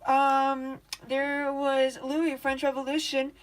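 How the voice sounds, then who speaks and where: Excitable chatty young woman explaining. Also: high voice, slow. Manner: excitable, gushing, slangy with swearing; chatty, rambling with restarts. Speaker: student tutor. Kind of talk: casual study-guide talk.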